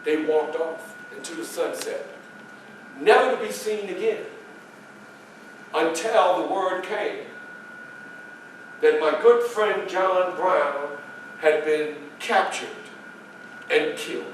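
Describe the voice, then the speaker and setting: Frederick Douglass, as a male reenactor plays him on stage, recalls his life in a fairly high voice. He speaks slowly and holds dramatic pauses. The sound comes from far off in an echoey room with faint ambience behind. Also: slight background noise. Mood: earnest. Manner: storytelling, dramatic pauses, emphatic. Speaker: historical reenactor. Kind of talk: first-person stage monologue. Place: library meeting room, live audience. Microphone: far camera.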